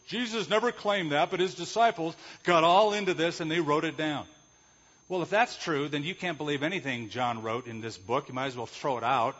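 A man's voice: mid-range voice, fairly bright tone, husky. A male pastor preaching an emphatic sermon, explaining Greek words and posing rhetorical questions. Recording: echoey hall, dull lo-fi sound.

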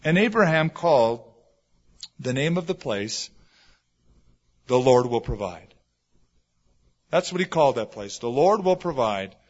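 A middle-aged man preaching a sermon, telling stories and swinging between loud stresses and hushed asides. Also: medium pitch, expressive, measured pace, long pauses. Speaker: pastor. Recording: dull lo-fi sermon recording.

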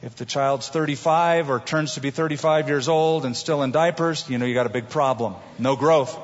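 A man preaching a sermon as pastor, telling it in an animated way with homey everyday examples. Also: medium pitch, moderate pace. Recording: dull recording with long hall reverb.

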